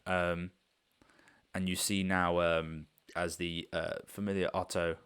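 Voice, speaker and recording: Game master, man, very low voice, loose rambling narration. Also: little pitch movement, slow, fairly bright tone, smooth. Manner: rambling, loose, with many fillers.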